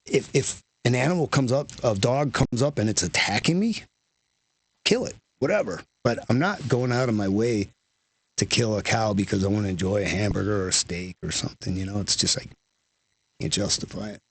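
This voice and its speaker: A man with a low, gravelly voice and a husky edge tells stories in an easygoing, rambling way, his phrases strung together with "you know" and "like". He is recorded close in a dry space with no room sound around him. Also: expressive, fairly quick, no room sound. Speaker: guest musician, lead singer. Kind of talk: casual conversational storytelling.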